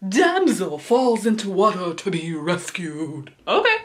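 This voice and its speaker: Brief: American woman, fangirl vlogger, bouncy and high-voiced, all swoops and slang. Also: big pitch swings, measured pace, fairly bright tone. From United States. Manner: gushing, slangy, giggly fangirl energy. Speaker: movie reviewer vlogger. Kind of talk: excited movie review vlog.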